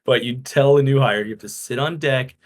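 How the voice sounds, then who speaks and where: A man's voice: mid-range voice, fairly quick, a little hiss or hum. A man co-hosting a podcast, chatting casually and explaining in long run-on stretches. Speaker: podcast co-host. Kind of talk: casual chat.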